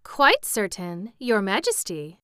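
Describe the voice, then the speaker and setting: A woman's voice: medium pitch, wildly swooping pitch, slow, sharp tone, clean tone, dry recording, studio quality, full character voice. A woman reading a mischievous young girl. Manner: teasing and playful.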